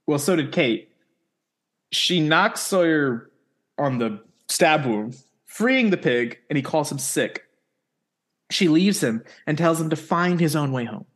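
A man's voice: a little high, expressive, slow, a bit bright. A man co-hosting a casual podcast, recapping the story of a TV episode step by step in a plain, conversational way. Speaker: podcast co-host.

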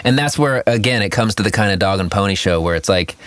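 Low-voiced man chatting about producing. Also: fast talker, a bit bright, dry recording. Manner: rambling, many fillers, acts out quotes. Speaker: music producer. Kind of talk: casual Q&A chat.

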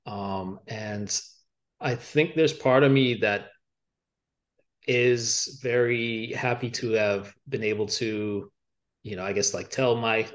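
A young adult man, an author guest on a podcast, talking in a reflective, halting way with many fillers and restarts. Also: lowish voice, steady tone. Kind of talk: reflective interview talk. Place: podcast studio.

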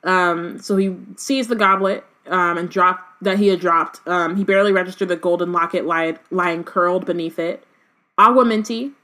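A woman's voice: lowish voice, steady tone, moderate pace, few pauses, bright, forceful tone. A woman co-hosting a book podcast, reading passages aloud and chatting casually with lots of fillers. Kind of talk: casual chat and read-aloud.

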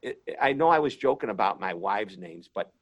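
A man's voice: lowish voice, animated, normal speed, lo-fi sound. A man hosting the talk, telling a rambling, self-deprecating story in a casual way.

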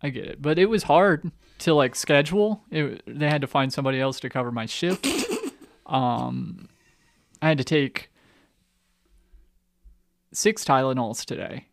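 A man's voice: medium pitch, measured pace, gravelly, long pauses, no echo. A man co-hosting a podcast, chatting casually and joking about himself. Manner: joking, self-mocking banter.

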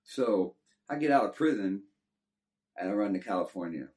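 Deep-voiced Texan man, far from the mic. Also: expressive, normal speed, darkish tone. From Texas. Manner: rambling, laid-back, slangy. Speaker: guest telling his life story. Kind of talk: casual storytelling. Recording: distant from the mic.

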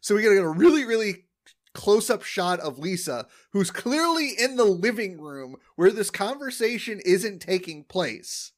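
A man's voice: sits high, very animated, normal speed. A man co-hosting a podcast, recapping an episode in casual chat, rambling with lots of fillers. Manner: rambling, many fillers, acts out quotes. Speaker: podcast co-host.

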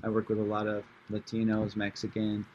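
A man's voice: lowish voice, completely flat delivery, a little fast, muffled recording, very noisy. A man from Iran, a comedian guest on a podcast, talking in a laid-back, self-mocking way and swearing freely. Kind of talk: casual interview chat.

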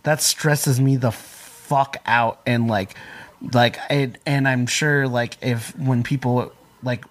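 A man in casual interview chat, halting and full of fillers, with a sarcastic streak. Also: mid-range voice, steady tone.

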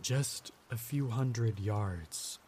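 Guy doing a stammering monster copying a human, slow and halting, mellow low-ish voice. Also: a little hiss or hum. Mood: coaxing. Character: creature mimicking a young man, stammering.

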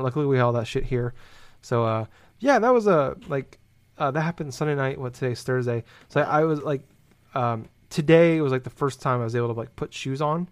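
A man's voice: medium pitch, a little fast. A young man in casual chat, telling a rambling story that is full of "like" and swearing. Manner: rambling, heavy use of "like", swears freely.

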